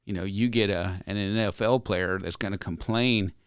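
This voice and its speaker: A man's voice: fairly low pitch, fairly even intonation, moderate pace, clean tone, no room sound, studio quality. A man being interviewed on a podcast, telling stories in a folksy, earnest, rambling way. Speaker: ranch company owner, podcast guest. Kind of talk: casual interview storytelling.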